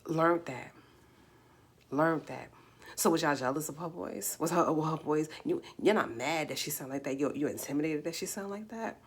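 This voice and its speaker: Husky low-voiced New York woman. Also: normal speed. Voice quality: slightly raspy. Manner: emphatic, fires rhetorical questions. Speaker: livestream host. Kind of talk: casual live commentary.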